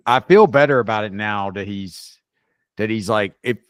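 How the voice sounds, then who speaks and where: A man's voice: fairly low pitch, moderate pace, smooth, no room sound, studio quality. A man in casual group chat, rambling with restarts and playfully judgmental. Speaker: co-host.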